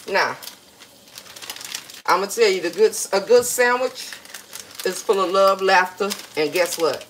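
A woman's voice: mid-range voice, a bit bright, a little hiss or hum, low-quality recording. A woman, chatting playfully to viewers as she cooks in her home kitchen. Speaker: home cook hosting a recipe video. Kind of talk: casual cooking vlog chat to viewers.

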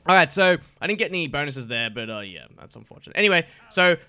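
A young man giving excitable, trash-talking commentary while playing a game, often laughing at his opponents. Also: on the high side, fast talker, clean tone, dry recording. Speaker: gaming YouTuber. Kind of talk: let's play commentary.

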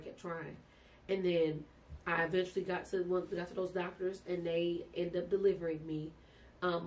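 A young woman with a lilt tells her story in a lively, heartfelt way, her voice sitting a little low. She sounds set back from the mic, with a faint hiss of noise behind her. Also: far from the mic. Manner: animated, emotional, addresses listeners as "y'all" and "baby". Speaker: podcast guest telling her birth story. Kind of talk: casual storytelling to viewers.

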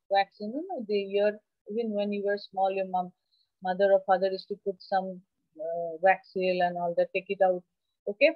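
A woman's voice: on the high side, dry recording, dull audio. Woman lecturing an online anatomy class. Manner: explanatory, asks the class questions. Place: online video call class. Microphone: computer mic on a video call.

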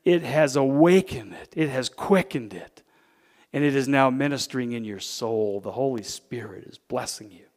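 A man with a Canadian accent, a pastor preaching a sermon, who swings from loud, emphatic peaks down to hushed, intimate asides. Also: medium pitch, moderate pace, long reverb tail. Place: church sanctuary.

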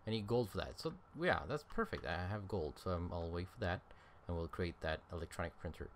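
A man's voice: deep voice, a little fast, a little hiss or hum. A man giving casual let's-play commentary, thinking aloud with lots of ums and uhs, sounding tired. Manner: rambling, thinking aloud with many fillers. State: tired, yawning. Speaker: game streamer.

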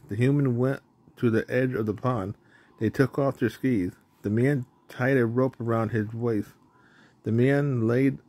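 A man with a medium-pitched voice reads a children's storybook aloud. His narration is plain and even, with an occasional stumble.

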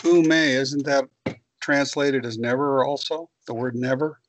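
A man's voice: medium pitch, steady tone, unhurried, a little hiss or hum. Hesitant man asking a class question. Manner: hesitant, with fillers. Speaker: student.

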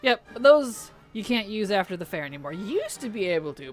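A woman's voice: mid-range voice, big pitch swings, fairly quick, soft background music. Chatty woman streaming a game. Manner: chatty, reads chat aloud and answers, laughs often. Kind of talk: casual live-stream chat while gaming.

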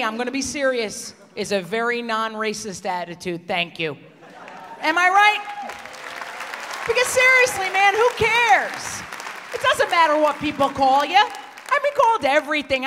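A woman stand-up comedian doing a crude, brash insult comedy set on stage, teasing audience members and often shouting. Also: high voice, slight background noise. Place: stage in a large theater before a live audience. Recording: live hall recording with loud audience.

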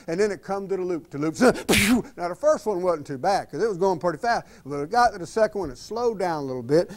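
A man telling a folksy tall tale, laughing along and acting out sound effects. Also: sits high. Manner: animated, laughs at his own story, acts out sound effects. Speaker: storyteller.

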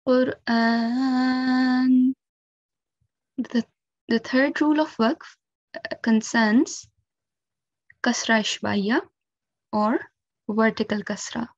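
Slow, patient woman teaching recitation rules. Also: on the high side, dry recording, muffled recording. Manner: patient, careful step-by-step explanation with frequent 'um' and 'okay'. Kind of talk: instructional lesson.

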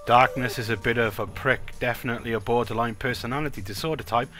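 A man's voice: medium pitch, a little fast, music in the background. A young man commentating his own gameplay in frantic, swearing bursts of repeated words.

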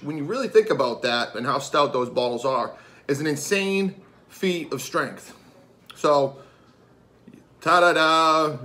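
Animated man telling a crude story. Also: medium pitch. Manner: animated, crude, laughing as he tells it. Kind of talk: casual storytelling.

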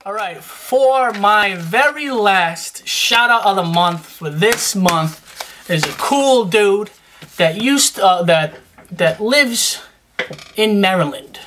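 A man's voice: high voice, expressive, slow pace, pushed and bright. Young New man, rambling and slangy, casual vlogger tone. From New York. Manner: rambling and slangy, full of fillers and restarts. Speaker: reptile-keeping YouTuber giving shout-outs. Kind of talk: casual vlog chat.

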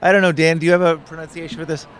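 Man author guest, smooth clear voice, slightly raised pitch, easygoing. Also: very fast. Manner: relaxed, self-deprecating, storytelling. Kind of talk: casual interview chat. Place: conference booth, indoors.

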